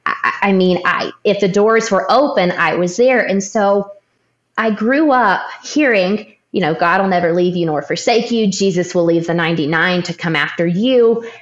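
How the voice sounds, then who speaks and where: A woman's voice: medium pitch, roomy sound, highs cut off. A young adult woman sharing an earnest personal story in candid, emotional storytelling with frequent restarts. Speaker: guest sharing her testimony.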